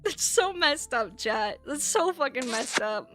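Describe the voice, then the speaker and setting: A woman's voice: sits high, expressive, a little slow, fairly bright tone, faint music behind. A young woman streaming, chatting casually and candidly with her viewers and swearing freely. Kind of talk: casual live-stream chat.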